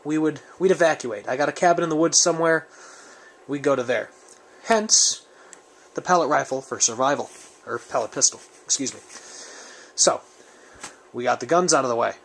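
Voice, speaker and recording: A man's voice: medium pitch, normal speed, gravelly, pauses often, a bit bright. A man casually reviewing his survival gear on camera, rambling and joking in an off-the-cuff way. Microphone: camera mic, speaker off-frame.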